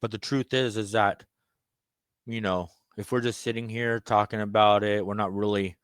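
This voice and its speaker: A man delivering a profane, rambling, conspiratorial monologue, swinging between loud outbursts and muttered asides. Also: fairly low pitch, fairly even intonation, moderate pace, smooth, no echo, clean studio sound. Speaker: self-styled candidate addressing viewers. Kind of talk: ranting monologue.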